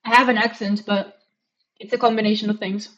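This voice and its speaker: A woman's voice: medium pitch, flat delivery, brisk, dull audio. A young woman from Romania with a mixed Romanian and British accent, chatting casually and rambling with frequent giggles as a live streamer. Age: young adult. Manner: giggly, rambling, self-mocking.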